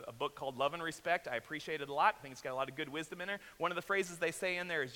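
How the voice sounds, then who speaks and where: Bright-voiced preacher in an echoing hall. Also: male voice, a little high. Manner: conversational preaching, slows for emphasis, asks the congregation questions. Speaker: pastor. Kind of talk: sermon. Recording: echo from a large hall.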